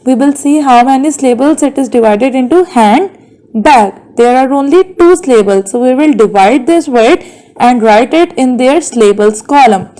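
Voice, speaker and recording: Woman, Bangladeshi English accent, high-pitched; patient teacher who drills words syllable by syllable. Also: expressive, mellow, poor audio. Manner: slow, carefully sounds out words syllable by syllable. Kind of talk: classroom lesson.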